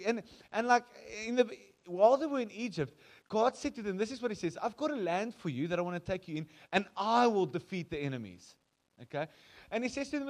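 A man's voice: fairly high pitch, animated, a little fast. A man with a South African accent preaching a sermon as pastor, telling the story conversationally and acting out quoted voices.

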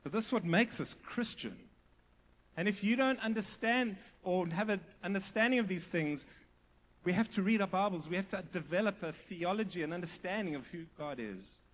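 Male pastor, high voice, sermon delivery that turns emphatic and questions the congregation. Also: expressive, normal speed. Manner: emphatic, rising to near-shouted repetition.

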